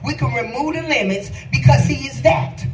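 A woman preaching a sermon, calling out questions to the congregation and breaking into half-sung shouts. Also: sits high, normal speed, faint music behind. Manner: emphatic call-and-response preaching, rising into half-sung shouts. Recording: echoey room, voice from far off.

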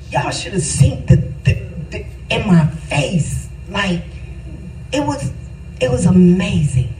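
A woman's voice: fairly low pitch, mellow, roomy sound, distant mic, slight background noise, poor audio. A woman pastor giving a casual spiritual testimony with an emphatic, repetitive, preacherly cadence.

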